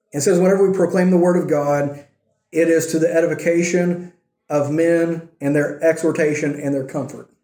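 A man's voice: fairly high pitch, dark tone, reverberant. A male pastor preaching a sermon in a conversational way, reading verses and checking in with his listeners.

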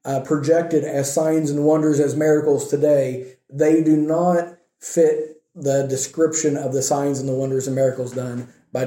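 Dark-toned man teaching a Bible study. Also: medium pitch. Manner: plainspoken, asks "okay?" often, reads scripture aloud. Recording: roomy echo.

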